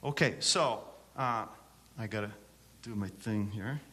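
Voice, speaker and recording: A man's voice: on the low side, a little slow, bright, forceful tone, husky. A man from Syracuse, New York, presenting a songwriting workshop at a conference, joking and bantering with the audience. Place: conference hall with a live audience. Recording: long reverb from a hall.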